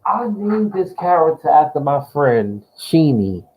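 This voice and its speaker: A man talks through a political simulation game as he plays, thinking aloud with frequent fillers and restarts. His voice is mellow and dark in tone, and he takes his time, moving at a slow, unhurried pace. He drops casual slang like "yo" as he goes. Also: on the high side, lively intonation, rough recording. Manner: slang-heavy, exclaims "yo" often. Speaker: gamer playing a political sim. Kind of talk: casual live gameplay commentary.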